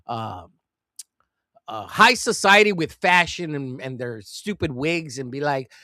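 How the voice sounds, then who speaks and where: Male stream host, animated rambling talk, slightly high voice, dry close sound. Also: unhurried, dry recording. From United States. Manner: rambling, crude joking, animated. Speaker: live-stream host drawing comics. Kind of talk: casual rambling chat while drawing.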